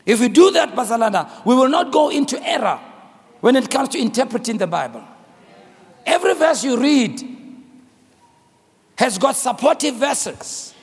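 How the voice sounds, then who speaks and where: A man from South Africa preaching a sermon, telling the story dramatically with voices and frequent shouting. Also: very high voice, big pitch swings, moderate pace, long pauses, breathy edge, in a large hall. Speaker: pastor.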